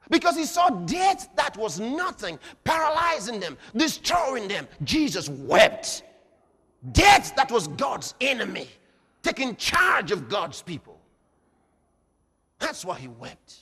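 A man preaching a sermon dramatically, swinging from shouts to quiet and acting out scenes. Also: high voice, slightly rough. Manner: dramatic, shouting at peaks then dropping quiet, acts out scenes. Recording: echoey hall.

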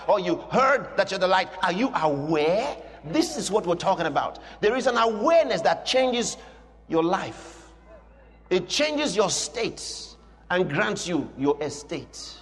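High-pitched man preaching emphatically. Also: fairly bright tone, big-room sound. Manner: emphatic, repetitive declarations. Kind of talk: sermon.

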